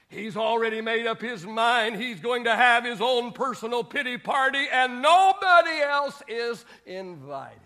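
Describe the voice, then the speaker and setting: A male pastor preaching a sermon in an animated way, acting out Bible scenes with humor. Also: very high-pitched, moderate pace, hardly any pauses.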